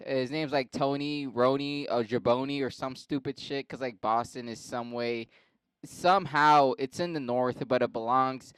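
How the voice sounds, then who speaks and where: Profane rambling man with a smooth voice. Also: mid-range voice, dry recording. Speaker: podcast host. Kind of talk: crude comedic rant.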